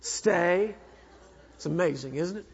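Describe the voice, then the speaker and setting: A traveling minister telling a story in a sermon, animated and acting out the dialogue, with a husky voice. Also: male voice, a little high, normal speed. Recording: dull lo-fi recording.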